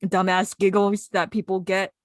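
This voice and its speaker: A woman's voice: mid-range voice, little pitch movement, normal speed, dry recording, clean studio sound. A woman co-hosting a podcast, reacting to her friend's story with blunt, supportive comments and swearing. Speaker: podcast co-host. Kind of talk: casual chat.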